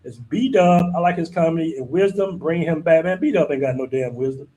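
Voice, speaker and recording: Male live-stream host, slightly high voice, laid-back and slangy. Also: moderate pace, warm tone, slight background noise, low-quality recording. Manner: laid-back, slangy, keeps asking "you know what I'm saying". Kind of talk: casual live-stream chat.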